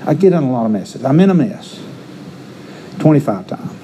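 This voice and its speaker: A man's voice: medium pitch, sing-song, moderate pace, warm tone, slight background noise, rough recording. A middle-aged man preaching a sermon, earnest and given to repeating words as he restarts his phrases. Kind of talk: sermon with personal stories.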